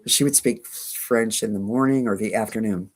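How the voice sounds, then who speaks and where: With a bass voice at a normal speed, this twangy-voiced woman hosts a quilting channel. She's in a casual live chat, reading viewer comments, poking fun at herself and laughing often.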